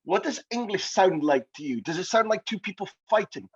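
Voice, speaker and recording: A man's voice: high voice, expressive, fairly quick, breathy edge, dull audio. A Scottish man hosting a podcast interview, asking questions in a playful, jokey way. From Scotland.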